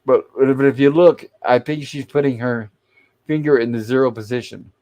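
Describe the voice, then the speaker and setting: A man's voice: mid-range voice, steady tone, moderate pace, warm tone. A man hosting a casual chat, explaining and walking through scenes step by step. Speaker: host. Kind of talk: casual chat reviewing an old sitcom.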